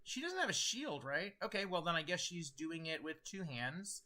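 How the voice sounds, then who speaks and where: A man's voice: fairly high pitch, very animated, normal speed, over a noisy crowd. A man running a tabletop game as game master, thinking aloud as he tallies dice rolls. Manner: thinks aloud while tallying dice, with many fillers.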